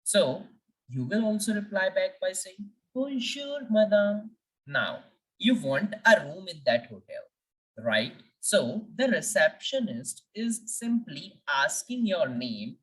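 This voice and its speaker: A woman's voice: lowish voice, big pitch swings, slow pace, fairly bright tone, far from the mic, rough recording. A woman teaching French, patiently drilling each letter of the alphabet one by one and asking learners to repeat after her.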